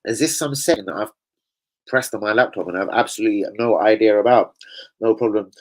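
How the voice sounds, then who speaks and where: A man hosting a casual live stream, sweary and rambling as he shouts out his viewers. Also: lowish voice, quick pace, rough recording. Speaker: live-stream host and football fan. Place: home room with a laptop. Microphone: laptop setup.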